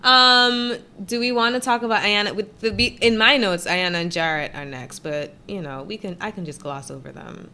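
A woman's voice: mid-range voice, normal speed, few pauses, sharp tone, smooth. A woman co-hosting a podcast, recapping a reality show in a teasing, giggly, mock-exasperated casual chat. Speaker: podcast co-host.

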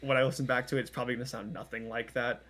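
A man's voice: mid-range voice, flat delivery, very fast, fairly bright tone, slight background noise. A man doing comedic freestyle raps, then earnestly defending his lyrics in playful banter.

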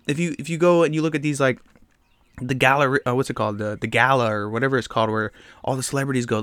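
Hosting a podcast alone, a man with a mid-range voice rants bluntly and heatedly in casual slang, speaking straight to his listeners. There is no room sound in the recording.

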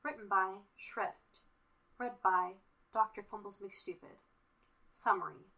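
A woman reading fan fiction aloud in an even, quiet narrating voice. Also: mid-range voice, slow pace, long pauses, low-quality recording. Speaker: podfic reader.

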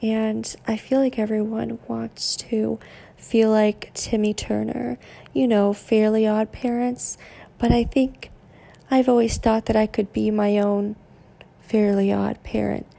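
A young woman hosting a podcast, giving a casual motivational monologue in a deadpan, monotone way. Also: on the high side, slow pace, creaky. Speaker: podcast host.

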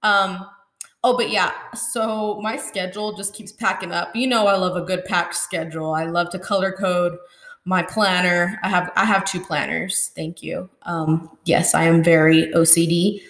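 A woman's voice: on the low side, steady tone, measured pace, fairly bright tone. A young woman, chatting on her solo podcast at home, bubbly and rambling, full of ums and likes. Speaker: podcast host. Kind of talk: casual solo podcast chat. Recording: roomy echo.

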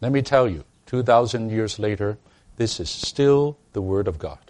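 A man's voice: fairly low pitch, expressive, normal speed, a little mellow. Stammering, emphatic male preacher. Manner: addresses the congregation directly with rhetorical questions. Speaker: pastor. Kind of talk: sermon.

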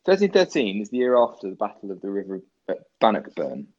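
A man chatting on a podcast, joking around and reeling off deadpan history facts. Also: lowish voice, fast, lo-fi sound. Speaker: podcast co-host. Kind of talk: casual chat.

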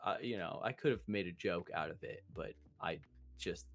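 Deep gravelly man chatting casually. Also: moderate pace, a bit bright. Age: adult, a parent. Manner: rambling, profane, laughs often. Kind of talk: casual podcast chat between friends.

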